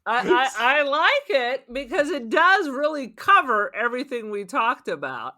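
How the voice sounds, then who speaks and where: A woman's voice: high voice, big pitch swings, unhurried, pushed and bright. A woman co-hosting a podcast, giving her take on a film in a blunt, salty, often laughing casual chat. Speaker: podcast co-host.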